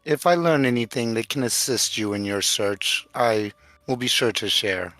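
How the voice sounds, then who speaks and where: A man's voice: mid-range voice, moderate pace, pushed and bright, no room sound, soft background music. Polite, formal young man at the table. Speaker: tabletop player. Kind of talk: in-character tabletop role-play.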